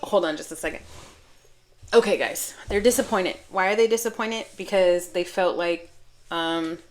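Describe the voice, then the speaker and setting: Woman tarot reader, low-ish voice, chatty and giggly, rambling and casual. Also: normal speed. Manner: chatty, laughing, self-interrupting. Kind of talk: casual tarot reading to camera.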